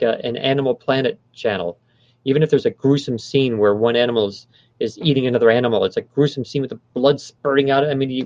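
A man's voice: medium pitch, darkish tone, no echo. A man talking through how the voiceover business works, explaining at length and often backing up to rephrase. His voice sits in a middle range. The recording is dry and a little dull. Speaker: voice studio owner. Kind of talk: conversational interview.

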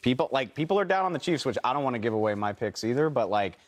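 Man, sports analyst, argumentative, sardonic, lively pitch. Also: quick pace. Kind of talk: sports debate show.

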